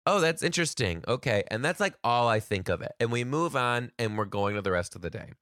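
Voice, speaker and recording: A man, a teacher, chatting casually with viewers as he tells a story in an animated way, swearing now and then. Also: mid-range voice, brisk, dry recording, studio quality.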